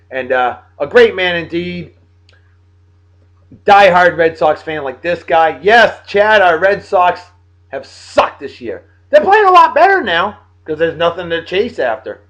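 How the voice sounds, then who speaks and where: A man in his late thirties from Massachusetts, hosting a casual video blog and giving playful, hearty birthday shout-outs to friends. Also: high voice, muffled recording. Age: late 30s.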